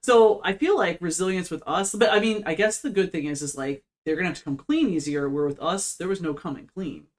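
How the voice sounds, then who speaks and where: A middle-aged woman co-hosting a podcast, telling a story about herself in a lively, self-mocking way and acting out what she said back then. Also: fairly low pitch, a little fast, few pauses. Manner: animated, self-mocking, acts out her own past lines. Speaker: podcast co-host. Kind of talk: casual storytelling chat.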